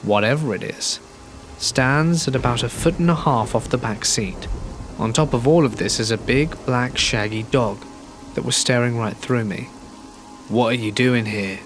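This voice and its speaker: A man narrating a horror story in a calm, measured, scripted reading. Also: medium pitch, soft background music. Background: gentle rain.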